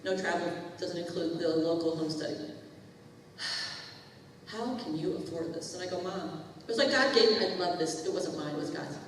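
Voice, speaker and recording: A woman's voice: lowish voice, moderate pace, a little hiss or hum. Woman, church testimony speaker, conversational storyteller; distant, reverberant hall recording. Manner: chatty storytelling, acts out quoted dialogue. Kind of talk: testimony to a congregation. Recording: echoey hall, distant mic.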